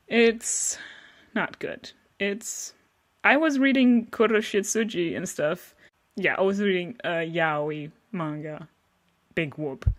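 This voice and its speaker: A woman's voice: fairly low pitch, slow. A young woman casually commenting on her old artwork, self-mocking, swearing and laughing often, often trailing off mid-sentence. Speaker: vlogger.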